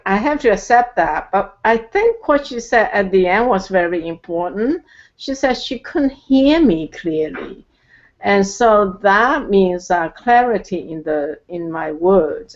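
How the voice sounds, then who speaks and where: A woman guest from Canada speaking slowly and carefully, with many pauses and fillers. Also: mid-range voice, lo-fi sound. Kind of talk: casual chat.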